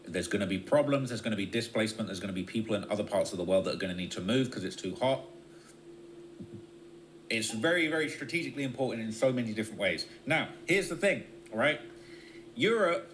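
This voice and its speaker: A man's voice: fairly bright tone, slight background noise. A man streaming live, giving blunt, profane political commentary and checking in with his viewers after almost every point. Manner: blunt and profane, keeps checking in with "all right?" and "okay?"; shifts between low muttering and raised, emphatic bursts. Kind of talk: casual political commentary on a livestream.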